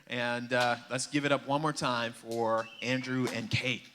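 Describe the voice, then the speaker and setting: A man's voice: mid-range voice, steady tone, a little slow, background noise. A man introducing speakers at a church youth service in an upbeat, encouraging way. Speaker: youth pastor. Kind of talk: casual stage introduction.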